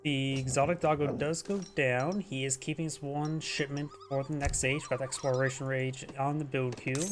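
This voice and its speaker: A man's voice: mid-range voice, level tone, moderate pace. A man casually commentating a strategy game replay, rambling and stumbling over unit names. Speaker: game caster.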